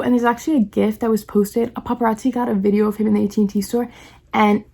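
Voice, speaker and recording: A young woman from the New York area races through a personal story on her vlog, packing every sentence with "like" and acting out each line she quotes. Her voice sits a little high but has a mellow, dark color. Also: steady tone, vocal fry. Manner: rapid, chatty, heavy use of "like", acts out quoted lines. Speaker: vlogger.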